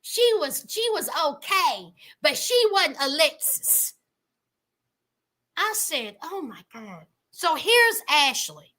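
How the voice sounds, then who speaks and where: A woman hosting a casual reality TV recap, animated and exclaiming, talking straight to her viewers. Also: high-pitched, slow pace.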